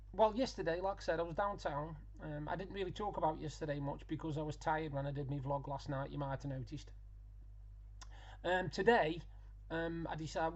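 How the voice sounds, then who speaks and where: A man's voice: a little high, darkish tone, highs cut off. A middle-aged man, chatting casually in a daily vlog and telling stories with plenty of ums and asides. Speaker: vlogger.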